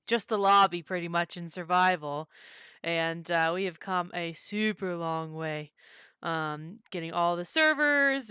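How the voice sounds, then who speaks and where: A woman's voice: fairly low pitch, fairly bright tone, smooth, dry recording. A woman hosting a live stream, chatting casually and rambling with lots of fillers. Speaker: streamer and server host.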